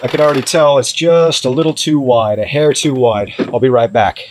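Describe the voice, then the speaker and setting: A man vlogging his van build to the camera, frustrated and hard on himself, with halting restarts. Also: mid-range voice, slight background noise, low-quality recording. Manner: frustrated, self-critical, talks in restarts. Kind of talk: casual DIY vlog talk to camera.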